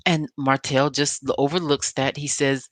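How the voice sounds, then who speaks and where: Chatty low-voiced woman vlogger. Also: steady tone, normal speed, no room sound. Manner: chatty, emphatic storyteller. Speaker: vlogger recapping a reality show. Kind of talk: casual recap commentary.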